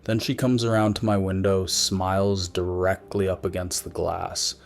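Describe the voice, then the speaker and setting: A man's voice: low voice, little pitch movement, moderate pace, gravelly. A man narrating a creepy story in a wry, matter-of-fact way.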